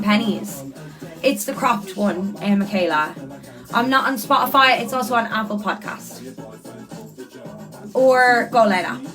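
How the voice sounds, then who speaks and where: A young woman, hosting a casual livestream and reading out viewer comments in a chatty, earnest way, repeating words for emphasis. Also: a little high. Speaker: livestreamer and podcast host.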